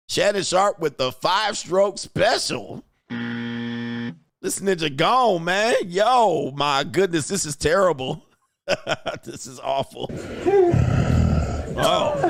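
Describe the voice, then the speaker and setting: Slow-talking man reacting with laughs. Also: high-pitched, very animated, creaky, a bit bright, dry recording, studio quality. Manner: laughing, exclaiming, slangy. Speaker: commentary channel host. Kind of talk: casual reaction commentary.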